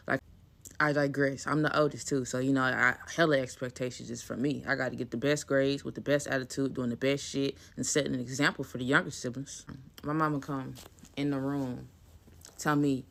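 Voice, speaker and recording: A young woman tells a story as a blunt, heavily profane rant. Her voice is gravelly and edged with fry, and her delivery is forceful and tense. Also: rumbling low, steady tone, brisk.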